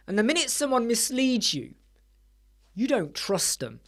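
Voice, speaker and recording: A man's voice: extremely high pitch, big pitch swings, unhurried, fairly bright tone. A man hosting a live web design chat, talking bluntly and emphatically to viewers and asking rhetorical questions. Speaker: web design channel host. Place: small dark soundproofed room.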